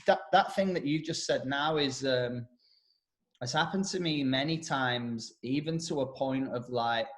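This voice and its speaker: A man's voice: medium pitch, unhurried. A man co-hosting a casual podcast, talking in a rambling, blunt way with many restarts. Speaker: podcast co-host, personal development coach. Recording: roomy echo.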